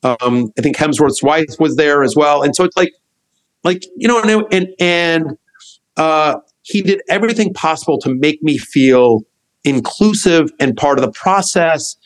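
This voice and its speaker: A middle-aged man, a podcast guest, telling a long anecdote in an animated, rambling way, acting out what others said. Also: a little high, unhurried, poor audio. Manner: animated, acts out quotes of others; rambling with restarts and fillers. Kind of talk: storytelling in a podcast conversation.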